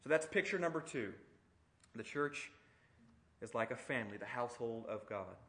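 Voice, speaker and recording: A man's voice: mid-range voice, lively intonation, normal speed, bright, forceful tone. A middle-aged man preaching an expository sermon, conversational and emphatic, with rhetorical questions. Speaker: pastor.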